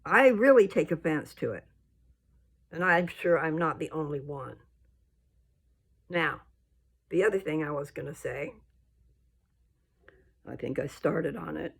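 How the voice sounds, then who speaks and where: An older woman ranting bluntly to her viewers, scolding and rambling, with her voice jumping up into high indignant peaks. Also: animated, slow, creaky, long pauses, husky. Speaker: vlogger. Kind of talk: casual rant to camera.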